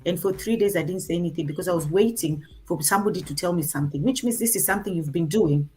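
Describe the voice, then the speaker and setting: Slight background noise accompanies this middle-aged Kenyan woman, whose fairly low voice moves quickly. Appearing as a guest, she tells a parenting story with animation, voicing the quotes herself.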